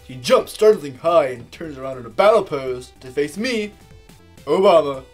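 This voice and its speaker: A man's voice: fairly high pitch, lively intonation, moderate pace, darkish tone, soft background music. A young man co-hosting a let's play, reading game narration aloud with hesitant "uh"s. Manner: hesitant, lots of "uh", laughing asides.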